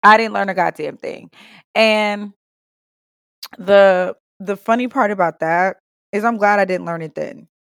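A young woman co-hosting a casual podcast, spinning a story with profane, animated energy and quoting people as she goes. Her voice has a gravelly, fry-laden edge. The sound is close and dry. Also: medium pitch, a little slow, dry recording. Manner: animated, profane, laughing storyteller who acts out quotes. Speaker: podcast co-host.

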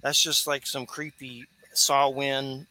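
A Georgia man in his 40s hosts a radio talk show, loose and chatty, laughing easily and wandering into rambling asides. His mid-range voice stays level in tone and moves slowly, sounding bright and forceful.

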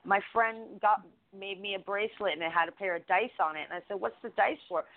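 A woman's voice: mid-range voice, fast talker. A woman co-hosting a radio talk show, blunt and profane, rambling and laughing. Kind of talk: casual radio chat. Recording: tinny phone-line audio.

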